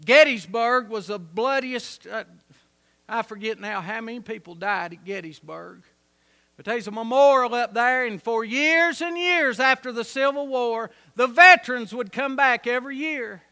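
A man preaching a sermon, telling a story and building to loud, emphatic peaks. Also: extremely high pitch, moderate pace.

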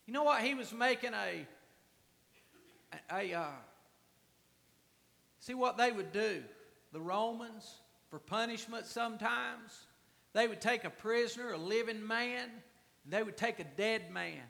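A man preaching a sermon, swinging between hushed asides and loud, drawn-out emphasis. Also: sits high, vocal fry, in a large hall. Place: church.

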